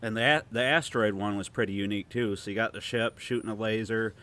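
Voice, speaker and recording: A man's voice: lowish voice, steady tone, fast, fairly bright tone. A man with a Toledo, Ohio accent hosting a casual gameplay livestream, chatting loosely and reading viewer comments aloud. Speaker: livestream host.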